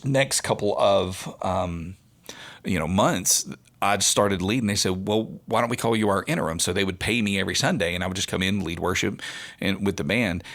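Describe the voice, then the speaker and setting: A man's voice: low voice, moderate pace, fairly bright tone. A man in his forties, a podcast co-host and worship leader, telling a long personal story in casual chat. He talks in an earnest, rambling way.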